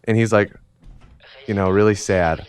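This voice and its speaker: A low-voiced man rambles through a comedic story from memory, piling on fillers and casual swearing. His delivery is loose and offhand. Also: fairly even intonation, measured pace, clean tone. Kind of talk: rambling comedic recap of a video game from memory.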